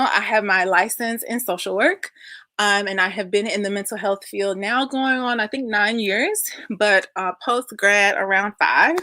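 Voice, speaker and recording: Speaking in a mid-range, sharp-toned voice on a dry recording, a thirtysomething woman runs a livestreamed online class. She keeps up a casual, bubbly, effusive chat with viewers, welcoming each by name.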